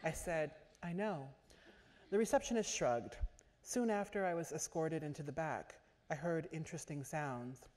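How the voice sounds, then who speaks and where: A woman author giving a measured literary reading at a stage microphone in a large auditorium. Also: sits low, lively intonation, darkish tone. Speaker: author reading her fiction. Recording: echoey auditorium.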